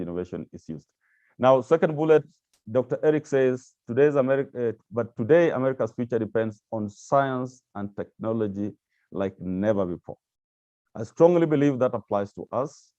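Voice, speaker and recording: Man presenting slides, halting with restarts, mellow dark tone, dry close sound. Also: on the low side, dry recording, lo-fi sound. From Kenya. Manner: hesitant, repeats words, fillers. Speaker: agency official presenting to staff.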